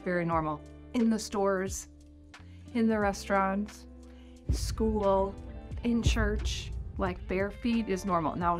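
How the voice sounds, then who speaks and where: A middle-aged American woman vlogging tips on life abroad, in a rambling, chatty way full of "like". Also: medium pitch. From United States. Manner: chatty, rambling, heavy use of "like". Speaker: vlogger giving tips on life in New Zealand. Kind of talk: casual talking-head vlog. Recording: faint music underneath.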